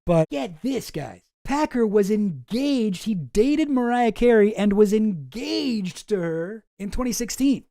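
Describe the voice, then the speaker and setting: A man's voice: high-pitched, expressive, measured pace, vocal fry, hardly any pauses, warm tone, no echo. A man hosting a commentary channel, talking in a casual, rambling, sarcastic way and swearing often.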